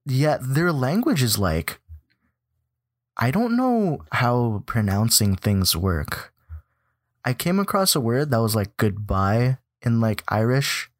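A young man chatting casually on a podcast, rambling with lots of "like" fillers and breaking into a mock-excited high voice when joking. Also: slow pace, no echo, studio quality. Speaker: podcast co-host. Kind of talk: casual chat.

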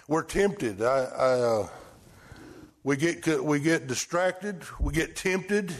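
A man preaching a folksy sermon, swinging from loud bursts down to hushed lines. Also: mid-range voice, slow pace. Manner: animated, swings from shouting to near-whisper, folksy.

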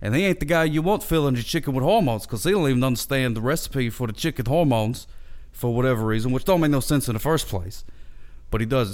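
A man hosting casually, recapping an old TV episode in a rambling, folksy way with frequent self-corrections. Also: medium pitch. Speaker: show host reviewing an old TV series.

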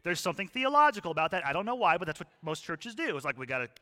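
A man preaching a sermon to a live church audience in a relaxed, conversational way, often putting questions to the crowd. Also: sits high, racing. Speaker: pastor. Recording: long hall reverb.

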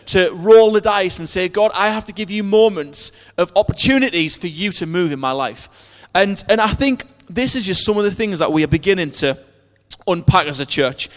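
A man with a fairly high voice preaches a casual sermon, slipping in wry jokes about himself. His words hang in the long reverb of a church hall. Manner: chatty, self-mocking storytelling with jokes.

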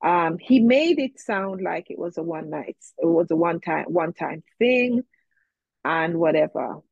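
A woman's voice: lowish voice, animated, measured pace, vocal fry, darkish tone, slightly rough, no room sound, lo-fi sound. A woman guest in an interview, telling a personal story in a reflective way, with many fillers, and quoting herself and others.

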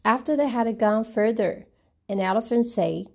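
Husky woman reading storybook. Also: a little high, moderate pace. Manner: gentle, expressive, retells each page. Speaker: storybook reader. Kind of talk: bilingual picture book read-aloud.

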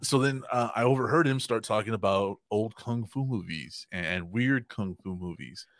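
A man's voice: on the low side, moderate pace, dry recording, studio quality. A man in his twenties telling a story on a podcast, laughing often, swearing freely and acting out what other people said. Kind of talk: casual storytelling chat.

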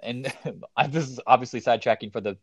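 A young man co-hosting a casual wrestling podcast, excitable and profane, ranting his opinions. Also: mid-range voice, fast talker, no echo. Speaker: podcast co-host.

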